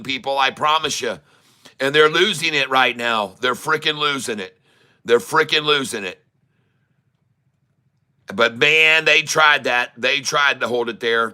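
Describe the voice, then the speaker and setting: Slow, bright-voiced trading streamer man. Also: mid-range voice, smooth. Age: middle-aged. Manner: excitable, taunting, drawls numbers, talks to the market. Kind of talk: live trading commentary.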